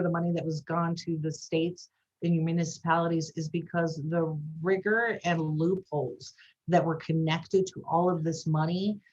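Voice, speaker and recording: A woman's voice: lowish voice, lo-fi sound. Sarcastic woman podcast co-host. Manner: animated, sarcastic, reads out listener comments. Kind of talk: casual political commentary chat.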